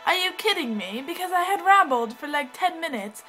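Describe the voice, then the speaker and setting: A woman's voice: very high voice, animated, fairly quick, pushed and bright, low-quality recording. A woman vlogging in a put-on, mixed British accent, rambling in a giggly, scattered, dramatic way. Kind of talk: rambling casual vlog. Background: faint music.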